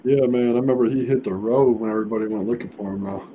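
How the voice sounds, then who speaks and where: A laid-back man co-hosting a podcast, chatting casually and often chiming in to agree. He speaks at a middle pitch. Steady noise hisses under the recording. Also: quick pace, muffled recording. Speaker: podcast co-host. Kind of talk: casual chat.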